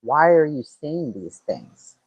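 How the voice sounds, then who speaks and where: A man's voice: on the high side, sing-song, slow pace, husky, dry recording, lo-fi sound. A man hosting a true-crime livestream, talking casually and thinking aloud with lots of fillers and restarts.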